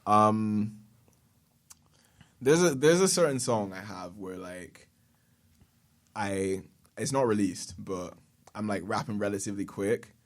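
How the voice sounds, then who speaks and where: A young man with a British accent talks as a guest in a relaxed, easygoing way. He laughs often and pokes fun at himself. His voice sits a little low. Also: slow, pauses often. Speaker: guest rapper. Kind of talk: casual chat.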